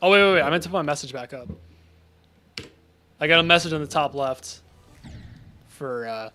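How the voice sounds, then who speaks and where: Bright-voiced young male game streamer. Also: on the high side, moderate pace. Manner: chatty, self-interrupting, reacts to chat. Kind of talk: casual live-stream commentary while gaming. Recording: faint music behind.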